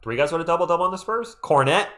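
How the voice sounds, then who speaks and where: A man calling a game live on his stream, bouncing between quick play calls and friendly shout-outs to the chat. His pitch rises and falls all the time, climbing sharply on big plays. His voice is getting worn and thin from talking. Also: lively intonation. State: losing his voice. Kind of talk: casual live play-by-play commentary.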